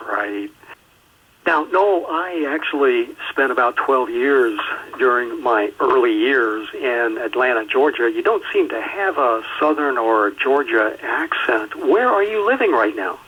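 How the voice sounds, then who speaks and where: A male radio host with a husky, slightly breathy voice asks his guest questions at a steady, measured pace. The sound is a bit muffled and dull, and he spells out details slowly for the audience. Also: mid-range voice. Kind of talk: radio interview. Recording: muffled radio show audio.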